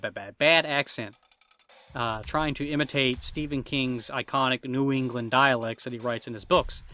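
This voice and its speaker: A man's voice: medium pitch, pushed and bright. A man giving a wry, jokey scripted review of a horror movie, rambling at times. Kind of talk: casual scripted review narration.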